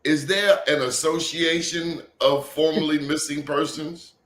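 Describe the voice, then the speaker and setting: A man hosts a casual interview, throwing out blunt, joking questions. His voice is bright and sharp and a little high. The room is echoey, with faint background hiss. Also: little pitch movement, unhurried. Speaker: talk show host.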